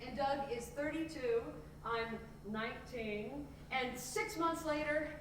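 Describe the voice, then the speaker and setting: Woman, comic stage monologue, self-mocking, heard from far back, clear audience room noise. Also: high-pitched, takes it slowly. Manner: animated, self-mocking storytelling. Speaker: solo performer. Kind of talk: comic solo theater monologue. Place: theater stage before an audience. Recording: echoey live theater, distant mic, room noise.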